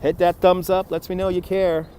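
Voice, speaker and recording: Walking along a city riverfront, this livestream host from New York City reads out viewer comments, greeting people by name and laughing easily in his chatty way. His pitch sits high and his tone stays level and mellow at normal speed. The audio comes from a phone on a handheld gimbal, with slight background noise.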